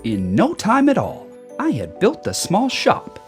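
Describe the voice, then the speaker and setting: A woman reading a rhyming children's book aloud in an expressive storytelling manner. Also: mid-range voice, unhurried. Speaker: storybook reader. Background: soft background music.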